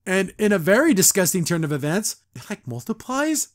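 A man's voice: sits high, big pitch swings, brisk. A man hosting a podcast, casually recapping a cartoon episode, rambling with lots of "like" and acting out the lines he quotes. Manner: rambling, full of "like", acts out quotes.

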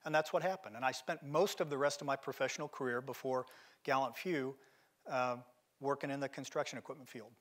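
A man's voice: medium pitch, fairly quick. A middle-aged man giving a motivational keynote at a seminar, telling stories in a direct, emphatic way. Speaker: keynote speaker. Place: seminar venue.

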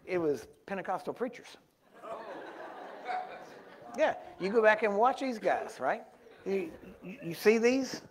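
A man preaching in a church, telling rambling anecdotes with self-corrections that grow animated, on a small wearable microphone. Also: sits high, unhurried, long pauses, crowd noise. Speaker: guest preacher. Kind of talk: storytelling sermon.

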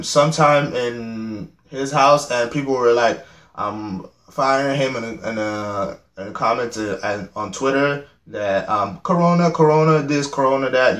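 Lively young man with a roomy echo. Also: medium pitch. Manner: animated, rambling, self-mocking with frequent laughs. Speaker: reaction vlogger. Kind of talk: music video reaction. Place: home room.

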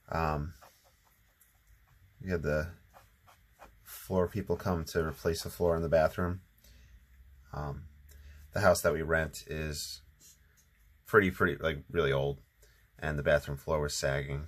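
Man, very low voice, casual painting tutorial, rambling with ums, sleepy. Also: measured pace, long pauses. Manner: relaxed, rambling, many ums. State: sleepy, just waking up. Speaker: watercolor channel host.

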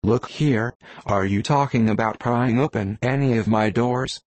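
A man voicing a bossy, practical middle-aged female innkeeper in an audiobook reading, scolding and brisk. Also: medium pitch, darkish tone, no echo, lightly acted.

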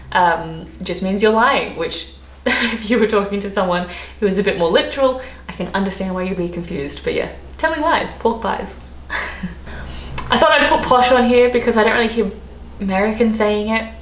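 An Australian woman vlogger who chats in a rambling, giggly way as she explains slang. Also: mid-range voice. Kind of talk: casual explainer vlog. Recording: roomy echo, faint background noise.

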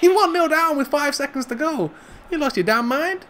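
A man's voice: very high-pitched, expressive, moderate pace, a bit bright, a little hiss or hum, pitched above the performer's own voice. A man voicing an exasperated male football referee who scolds a player in disbelief. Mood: incredulous. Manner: incredulous scolding.

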